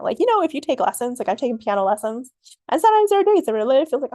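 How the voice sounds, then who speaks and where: A woman hosting her own podcast, reflecting out loud in a rambling way, full of fillers and frequent laughs. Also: a little high, very animated, very fast, no echo. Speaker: podcast host. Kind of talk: reflective solo podcast monologue.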